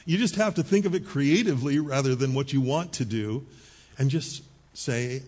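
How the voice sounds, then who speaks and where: A middle-aged male pastor preaching a sermon in a conversational storytelling manner, with quick asides to the congregation. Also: medium pitch, darkish tone.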